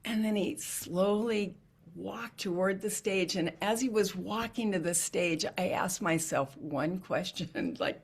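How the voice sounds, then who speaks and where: A woman's voice: medium pitch, unhurried, creaky, breathy edge. A middle-aged woman giving a heartfelt storytelling talk as an inspirational speaker. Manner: earnest, heartfelt, softening to hushed.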